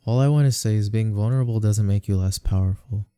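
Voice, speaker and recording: A man voicing a gentle, devoted boyfriend in a whispered role-play, speaking in a soft, pleading and apologetic way. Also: lowish voice, fast talker, smooth, dry recording, studio quality, natural voice. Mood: tender. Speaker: comforting boyfriend.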